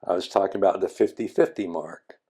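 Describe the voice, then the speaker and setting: Older male meditation teacher, low voice, candid and blunt, reflective talk. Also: brisk, warm tone, breathy edge. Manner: frank, blunt, occasionally profane, repeats words when restarting. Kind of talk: reflective conversational storytelling.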